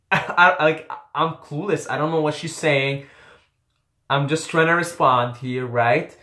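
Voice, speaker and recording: A young man from the Middle East, whose first language is not English, telling his own story in a casual, animated, self-mocking way and swearing freely. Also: a little high, slow, reverberant. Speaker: vlogger.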